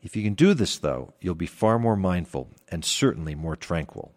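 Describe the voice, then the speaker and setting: A man in his fifties hosting a podcast, telling a reflective story in a scripted monologue. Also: normal speed. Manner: reflective storytelling with lively pitch swings. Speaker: podcast host.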